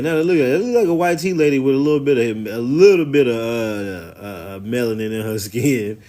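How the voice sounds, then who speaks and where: A man's voice: medium pitch, lively intonation, a little fast, hardly any pauses, dark tone. A man comments on a clip in a casual, ranting way. His voice sits in an ordinary mid range. He talks slangily and sarcastically, with lots of asides. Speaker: commentator reacting to a video clip.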